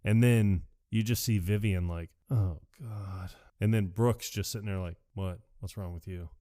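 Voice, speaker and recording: A man co-hosting a podcast, casually retelling a movie's plot and acting out the characters' lines in quick put-on voices. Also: fairly low pitch, fairly even intonation, mellow, dry recording, clean studio sound. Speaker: podcast co-host. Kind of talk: casual movie recap chat.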